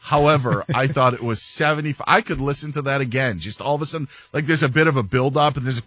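A man's voice: medium pitch, quick pace, few pauses, a bit bright, no echo. A man hosting a sports talk show, telling stories with a self-mocking streak and laughing often. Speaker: sports radio host. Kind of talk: casual talk show banter.

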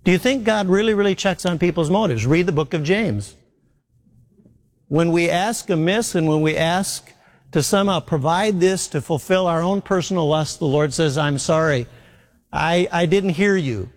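A man's voice: sits high, moderate pace, in a large hall. A man preaching a sermon in an earnest way, repeating his key phrases for emphasis.

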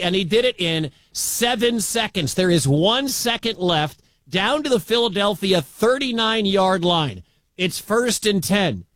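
A man hosting live sports radio, calling a game play by play and shouting at big moments. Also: high-pitched, no room sound. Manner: excitable, shouts at big plays.

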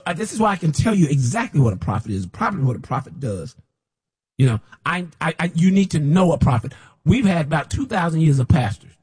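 Husky guy preaching hard, kinda high voice, repeats himself a lot, goes loud when he mocks people. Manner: preachy, repetitive, rises to shouts when mimicking others. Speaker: self-styled prophet preacher. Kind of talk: impassioned sermon monologue.

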